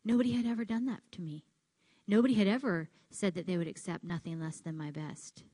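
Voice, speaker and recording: A woman gives a motivational speech at a conference, telling her story with lively acted-out quotes. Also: fairly low pitch, a little fast, slightly rough, dry recording. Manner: animated storytelling, acts out quotes. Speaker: keynote speaker. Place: conference hall stage.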